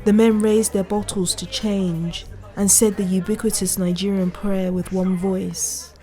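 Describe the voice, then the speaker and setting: A woman's voice: mid-range voice, little pitch movement, a little slow, dark tone, faint music behind, a faint crowd. Woman reading a short story aloud. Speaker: narrator.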